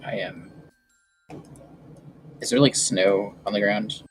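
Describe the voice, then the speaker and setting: A man's voice: fairly low pitch, steady tone, takes it slowly, music in the background. A man playing a tabletop game, making offhand jokes about his character's actions. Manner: joking, offhand banter. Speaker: player. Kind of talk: casual tabletop play.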